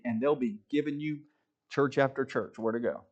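Male pastor, casual emphatic rant, fairly high voice. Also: moderate pace, lo-fi sound. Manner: emphatic, frequent restarts, swings from loud to muttered. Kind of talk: preaching commentary, conversational rant.

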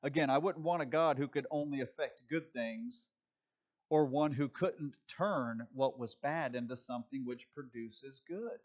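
A man pastor giving a conversational sermon, swinging between loud emphatic bursts and quiet asides. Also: medium pitch, measured pace, muffled recording.

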